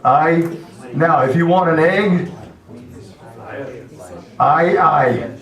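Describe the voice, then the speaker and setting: An older man teaching a language class, speaking slowly and patiently and spelling words out letter by letter. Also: a little high, a bit bright. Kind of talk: classroom lesson. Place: classroom or meeting hall. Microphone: far camera. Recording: echoey hall from far off with murmuring class.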